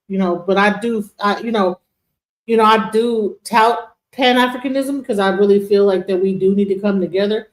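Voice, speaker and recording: A woman hosts a casual livestream panel at a mid pitch. Her talk is loose and full of fillers. An echoey room surrounds her voice. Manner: conversational, with many fillers.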